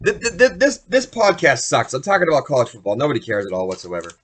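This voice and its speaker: A young man hosting a solo podcast, ranting about sports in a profane, rambling, excitable way. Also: medium pitch, quick pace. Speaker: podcast host.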